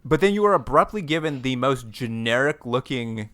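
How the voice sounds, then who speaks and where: A man's voice: mid-range voice, lively intonation, normal speed, pushed and bright. A man hosting a podcast, recapping a show in casual, rambling chat with many restarts. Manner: rambling, lots of "like" and restarts, laughs often. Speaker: podcast host.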